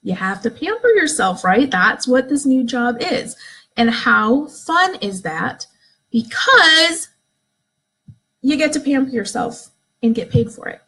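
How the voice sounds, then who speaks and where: Over a rough-sounding live stream from a phone or webcam, a woman trains new members of her direct sales team, speaking to them directly. Her high-pitched voice is slow with a breathy edge, and she stays upbeat and encouraging while acting out excited examples.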